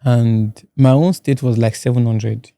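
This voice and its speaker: Dark-toned Nigerian man, halting. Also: medium pitch, fairly even intonation, vocal fry, no room sound, studio quality. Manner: halting, restarts and repeats words. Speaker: guest. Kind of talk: personal testimony in a podcast interview. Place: podcast studio.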